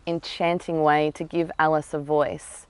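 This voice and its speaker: A woman's voice: low-pitched, flat delivery, unhurried, darkish tone, smooth, no echo. A woman author, speaking thoughtfully and earnestly outdoors about her novel, with some fillers. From Australia. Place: outdoors in botanical gardens.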